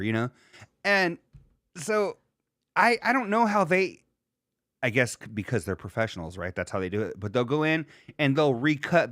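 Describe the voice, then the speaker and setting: A man's voice: mid-range voice, fairly bright tone, no echo, clean studio sound. A man hosting a podcast, talking casually and rambling, acting out quoted lines in a raised voice. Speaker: podcast host. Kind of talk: casual solo chat.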